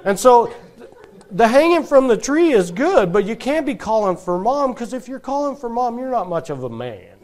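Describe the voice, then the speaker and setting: A man in his thirties preaching a sermon, telling stories with lively delivery and acting out quoted voices. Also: very high voice, normal speed. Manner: animated storytelling, acts out quoted voices. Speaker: pastor.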